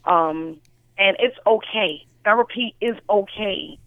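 A woman's voice: medium pitch, slow pace, no room sound. A woman calling in to a podcast, speaking earnestly and encouragingly. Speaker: caller. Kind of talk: heartfelt call-in. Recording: dry phone line.

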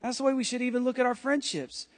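A pastor with a strikingly high male voice delivers a lively, humorous sermon to his congregation. He keeps slipping into rapid asides, poking fun at himself and the people in the pews as he makes his points.

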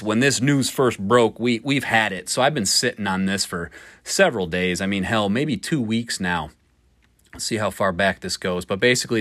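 A man hosting a casual sports podcast, talking in an animated, ribbing way with plenty of swearing. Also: fairly low pitch, dry recording. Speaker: podcast host.

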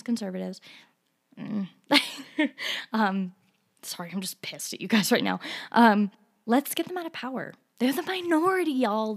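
Young gal podcasting solo, vocal fry, chatty and opinionated, laughs a lot. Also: female voice, medium pitch. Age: young adult. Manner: opinionated, rambling, laughs often, fillers. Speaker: podcast host. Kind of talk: casual solo podcast monologue.

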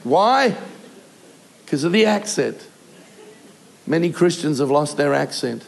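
An older man preaching a sermon as a pastor, earnest and emotional, with short pauses. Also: a little high, lively intonation, vocal fry, a little hiss or hum.

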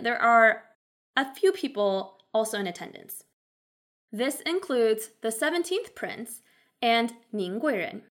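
A woman's voice: sits high, a bit bright. A woman recapping a historical drama episode in a casual narrated style, with wry, sarcastic asides.

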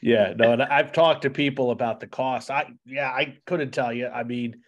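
A man's voice: mid-range voice, steady tone, normal speed. A man hosting a podcast interview, chatting casually with lots of restarts and asides. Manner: rambling, many restarts and asides. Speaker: podcast host.

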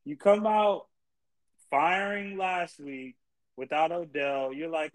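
A young man co-hosting a casual sports podcast, ranting in exasperation and swearing constantly, his pitch jumping high when he gets worked up. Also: fairly even intonation, takes it slowly, poor audio. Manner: profane, exasperated ranting with big pitch jumps. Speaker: podcast co-host.

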